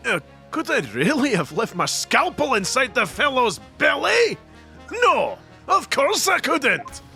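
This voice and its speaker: A bumbling Scottish surgeon frets and stammers his way through an embarrassing confession, voiced by a man in a game playthrough. The voice is bright and rises and falls a lot. He sounds hesitant and sheepish. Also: very high-pitched, big pitch swings, a little slow, faint music behind, voice pushed up, heavily acted. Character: bumbling male surgeon juror, anxious, sheepish.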